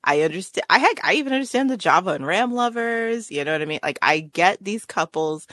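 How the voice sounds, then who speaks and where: A woman's voice: medium pitch, animated, a little fast, fairly bright tone, dry recording, clean studio sound. A woman co-hosting a podcast, chatting casually and ranting with laughs and exasperation about a TV series. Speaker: podcast co-host reviewing a TV series. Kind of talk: casual chat.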